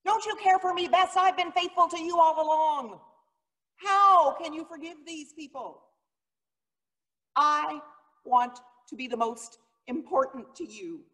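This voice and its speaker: A woman preacher voicing a sulking, jealous male prophet who pleads to be loved best, in a higher, whiny tone. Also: unhurried, sharp tone. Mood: pleading. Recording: long reverb of a church hall.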